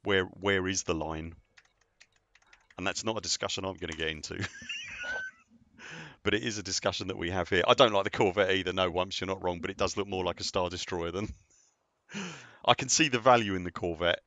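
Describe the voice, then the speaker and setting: Very deep-voiced man streaming. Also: a little fast, pauses often, fairly bright tone. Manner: chatty, rambling, answers viewer comments. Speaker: game streamer. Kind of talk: casual live-stream chat.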